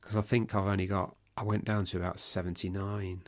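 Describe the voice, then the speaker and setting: A man co-hosting a casual podcast, chatty and rambling, his voice going hoarse. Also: low voice, little pitch movement, fairly quick. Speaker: podcast co-host.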